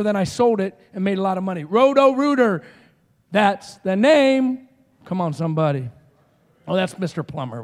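A middle-aged man preaching as a guest speaker, telling stories with animated energy and shouted outbursts. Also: high voice, big-room sound. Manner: animated storytelling, shouting quoted screams. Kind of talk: sermon.

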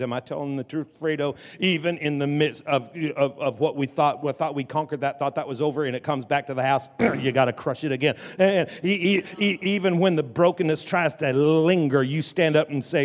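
A man preaching a lively sermon as pastor, drawing the congregation into call-and-response. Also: a little high, a little fast, hardly any pauses. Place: church sanctuary. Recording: long church hall reverb.

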